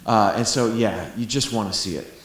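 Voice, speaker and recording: A man's voice: on the low side, moderate pace, reverberant. A middle-aged man, an astronomer giving a public lecture, talking with chatty enthusiasm and humorous asides. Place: library lecture room.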